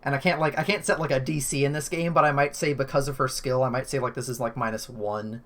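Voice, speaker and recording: A woman's voice: very deep voice, fairly even intonation, quick pace. Rambling woman game master. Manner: rambling, thinks aloud with many fillers. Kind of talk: running a tabletop game.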